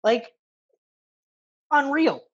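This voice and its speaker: A woman in a relaxed film chat, swearing freely and acting out lines from the movie. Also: high-pitched, extremely slow, highs cut off. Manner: casual, swears often, acts out movie lines. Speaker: podcast co-host. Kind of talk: casual movie review chat.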